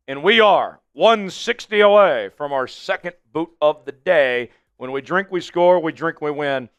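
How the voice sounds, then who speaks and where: Man, fan livestream host, excitable, crisp voice, dry sound, faint music behind. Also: a little high, no room sound. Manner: excitable, hypes up chat viewers. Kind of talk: live game watch-along chat.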